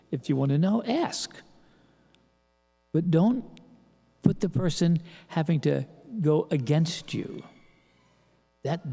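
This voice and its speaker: An older man preaching a sermon as pastor, halting with restarts and rhetorical questions. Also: on the high side, vocal fry, dark tone. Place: large church. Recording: long church reverb.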